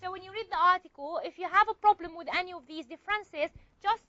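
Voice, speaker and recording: A university linguistics lecturer talks at a quick pace in a very high, sharp voice, explaining step by step and checking in with her students in the classroom. The recording is dry and slightly muffled, with a lo-fi quality.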